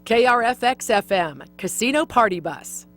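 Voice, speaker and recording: A woman's voice: a little high, normal speed, soft background music. A woman presenting awards, formally reading out categories and winners. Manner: even, formal announcing.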